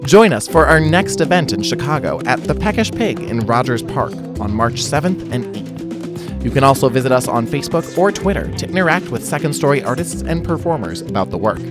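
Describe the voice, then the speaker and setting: Male host, plain outro read, guitar music under, mid pitch. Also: very animated, brisk. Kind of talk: scripted outro announcement.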